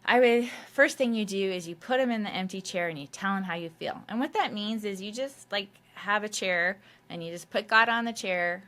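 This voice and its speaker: A woman's voice: mid-range voice, normal speed, few pauses, fairly bright tone. A woman hosting a faith podcast, talking casually and loosely, with frequent fillers and mild swearing. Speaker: podcast host.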